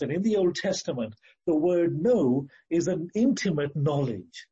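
A male preacher with a very husky, mellow voice delivers a sermon at an unhurried pace. The recording is dull and lo-fi. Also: a little high. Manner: slow and deliberate, repeating key phrases.

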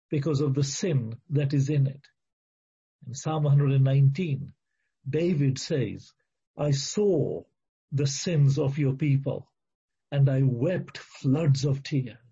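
A man's voice: mid-range voice, dark tone, breathy edge, dull audio. A man preaching a sermon, earnest and exhorting, full of repeated phrases and rhetorical questions.

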